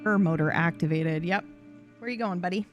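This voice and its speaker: Young woman streaming, chatty and swears a lot, gets all giggly, quiet music behind. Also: on the low side, brisk, highs cut off. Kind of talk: casual chat.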